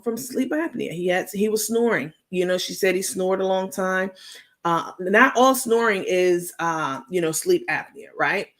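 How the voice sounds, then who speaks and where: A woman's voice: lowish voice, a bit bright. A woman with a New York accent hosting a gossip commentary stream, chatty and slangy with lots of fillers. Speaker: host.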